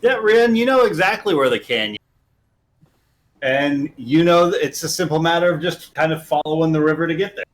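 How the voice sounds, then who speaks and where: A man running a tabletop game as game master, narrating in a casual, halting way. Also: on the high side, expressive, rough recording.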